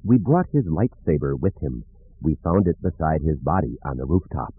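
A man voicing a grave, hesitant female Calamarian Jedi trainee in an audiobook, with a thin, husky voice and a slow, solemn manner. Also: very deep voice, sing-song, no echo, heavily acted. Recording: narrow phone-like audiobook recording.

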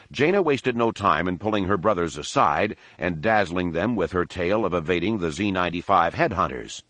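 Deep male audiobook narrator, steady and unhurried, dry close recording. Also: dry recording. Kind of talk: scripted narration.

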